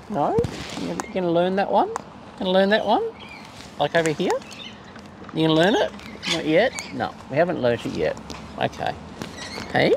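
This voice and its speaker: A man who runs a bird-feeding channel, chatting casually and playfully to wild birds in a high, sing-song baby-talk voice. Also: big pitch swings, normal speed, creaky, long pauses. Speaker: bird feeder and channel host. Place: outdoors with wild cockatoos. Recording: noisy outdoor recording.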